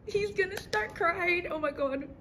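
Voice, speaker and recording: A young woman casually reacting to a TV drama episode, excitable and slangy, laughing often. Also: very high voice, measured pace, slight background noise. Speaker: reaction video host.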